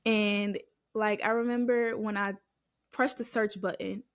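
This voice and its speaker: A woman's voice: medium pitch, fairly even intonation, a little slow, no echo, studio quality. A woman hosting a faith podcast, candidly telling an emotional personal story straight to her listeners in loose, filler-heavy speech. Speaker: podcast host.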